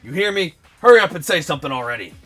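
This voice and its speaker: A man doing a furious shouting schoolboy. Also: fairly high pitch, sing-song, very fast, faint music behind, pitched above the performer's own voice. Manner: loud, angry shouting. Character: hot-headed young male student yelling at an absent boss.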